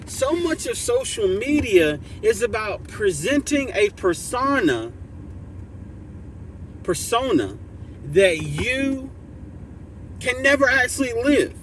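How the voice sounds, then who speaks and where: A man hosting a motivational livestream, high-pitched and full of swings. He talks slowly with heavy emphasis, calling out to his community and reading their chat. A faint hum of noise sits behind him. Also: very animated. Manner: hyped, emphatic, shouts to the community, reads chat aloud; drops to soft low voice for heartfelt thanks. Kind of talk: casual livestream talk to chat.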